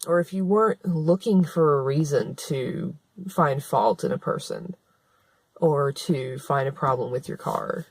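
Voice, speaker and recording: Her low voice is a little slow, darkish in tone and breathy at the edges, recorded with no room sound. The woman, an author and vlogger, speaks earnestly and conversationally to camera, restarting sentences and repeating her points for emphasis.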